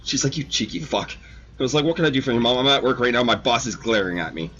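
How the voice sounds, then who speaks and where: A man telling stories with lots of swearing, his pitch swinging up and down as he acts out the moments. The sound is dull and lo-fi, like a home stream recording. He hosts the chat in a loose, casual way. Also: very fast. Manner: profane, animated storyteller. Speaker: host of a model-building stream.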